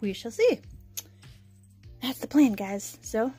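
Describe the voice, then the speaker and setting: Young woman, casual vlog chat, giggly, slightly high voice, faint music behind. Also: sing-song, slow pace, mellow, breathy edge. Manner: chatty and giggly, frequent small laughs. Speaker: plant vlogger. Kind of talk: casual DIY vlog narration.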